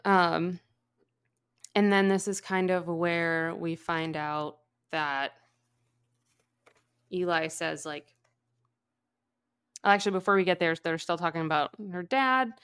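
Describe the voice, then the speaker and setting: Woman, lowish voice, smooth and clear, casual podcast chat, laid-back recapping. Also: takes it slowly, long pauses, a bit bright. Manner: chatty recapping, heavy use of "like" and "basically". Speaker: podcast co-host. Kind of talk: casual book-club chat.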